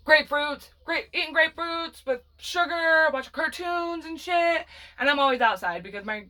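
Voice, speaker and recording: A woman's voice: on the high side, pushed and bright. A woman vlogger telling a personal story in a casual, dramatic, rambling way, swearing freely and laughing as she goes.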